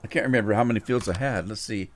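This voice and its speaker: A man's voice: fairly low pitch, quick pace, a little hiss or hum. A middle-aged man hosting a game livestream, chatting casually and rambling, often repeating words as he thinks. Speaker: gaming livestream host. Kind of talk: casual chat while playing a game.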